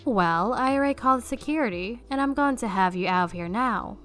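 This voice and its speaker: A woman reads an unbothered shop manager who answers with a dry, deadpan delivery. She stays calm and quiet in a storybook read-aloud. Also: on the high side, brisk, faint music behind. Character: calm, dry-witted female store manager.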